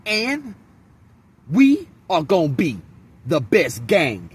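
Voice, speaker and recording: A man putting on the voice of a cheesy, self-serious young male gang leader in a high, drawn-out mocking tone. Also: huge pitch swings, husky, heavily acted. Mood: mock-earnest. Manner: exaggerated, self-serious speechifying.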